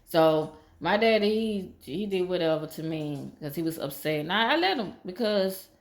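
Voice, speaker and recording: A woman's voice: fairly low pitch, animated, normal speed. A woman telling a personal story in a rambling, repetitive, emphatic way. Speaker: vlogger.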